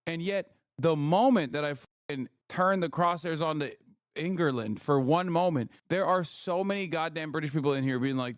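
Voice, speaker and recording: A man streaming live, ranting and mocking in profane, fast commentary. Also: a little high, no room sound, clean studio sound.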